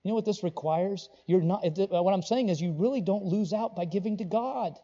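A high-voiced man delivers a sermon, rising to loud, pressing emphasis before sinking back into low, earnest speech. The recording is slightly dull and lo-fi. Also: brisk, in a large hall. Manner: swings between loud preaching and quiet, low earnest talk. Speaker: pastor.

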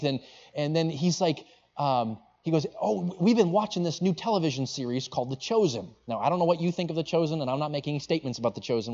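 Animated male preacher telling a story. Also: medium pitch, lo-fi sound. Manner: animated storytelling that acts out quotes. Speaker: pastor. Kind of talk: sermon storytelling.

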